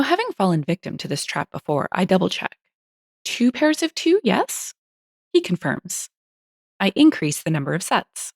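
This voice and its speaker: A woman narrating a workplace story in a wry, deadpan storytelling manner. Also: on the low side, gravelly, no room sound, studio quality.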